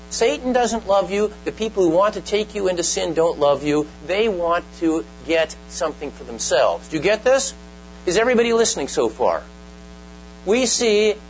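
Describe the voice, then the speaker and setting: A man's voice: high-pitched, a little hiss or hum, low-quality recording. A man preaching a sermon, earnest and emphatic, often stopping to ask the listeners direct questions. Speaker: pastor.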